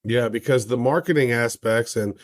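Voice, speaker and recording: A man's voice: medium pitch, normal speed, dry recording, studio quality. Bantering male podcast co-host. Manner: playful banter, casual slang. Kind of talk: casual podcast chat.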